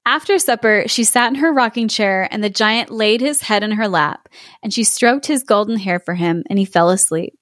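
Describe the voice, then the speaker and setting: A woman's voice: medium pitch, normal speed, a bit bright, no echo, clean studio sound. A woman reading a fairy tale aloud with an amused manner, chatting between passages. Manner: amused, laughs often while reading. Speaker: storyteller and co-host. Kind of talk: casual storybook reading with chat.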